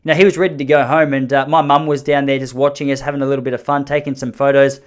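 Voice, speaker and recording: A man's voice: medium pitch, level tone, very fast. A man in his thirties with an Australian accent, hosting a podcast and telling a story in a loose, self-mocking way, often correcting himself mid-sentence. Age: 30s. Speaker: podcast host. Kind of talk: casual storytelling monologue.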